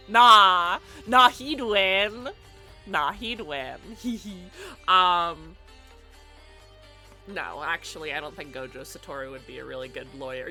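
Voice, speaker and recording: Young woman streamer, bubbly and chatty, breathless with a stuffy nose, crisp bright tone, faint music behind. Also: fairly low pitch. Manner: bubbly, chatty, excitable greetings. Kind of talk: casual live-stream chat.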